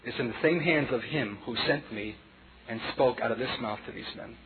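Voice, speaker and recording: Over a noisy crowd, a man with a Brooklyn accent preaches a sermon at normal speed and medium pitch. He tells a story dramatically and drops from loud to hushed while calling the congregation children, all on a tinny, phone-like recording with an audience.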